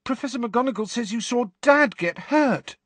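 A man's voice: very high voice, lively intonation, normal speed, fairly bright tone, no echo, voice pushed up, exaggerated voice. A man voicing a frightened young girl who asks her questions anxiously.

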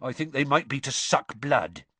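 A man voicing a huge, gruff but kindly gamekeeper who talks roughly and eagerly, clipping his word endings. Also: mid-range voice, lively intonation, moderate pace, pushed and bright, no echo, pitched above the performer's own voice.

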